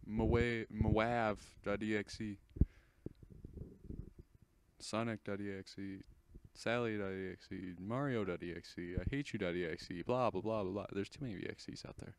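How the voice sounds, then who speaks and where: A man's voice: lowish voice, fairly even intonation, normal speed, clear, resonant tone. A teenage man hosting, rambling casually and correcting himself as he comments on an install. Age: teens. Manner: chatty, rambling, self-correcting. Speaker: host. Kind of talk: casual commentary over a screen recording.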